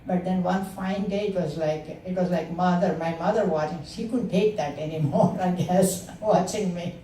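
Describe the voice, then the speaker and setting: A woman in her sixties tells her devotional story in an earnest, halting way, her voice warm and dark. She sounds some way off the microphone in a roomy, echoing hall, with a faint hiss behind her. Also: fairly low pitch. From India. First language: Telugu. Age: 60s. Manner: earnest, personal storytelling with hesitations. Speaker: satsang speaker. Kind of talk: devotional testimony to a gathering. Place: meeting hall of a spiritual center. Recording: roomy sound from far off the mic.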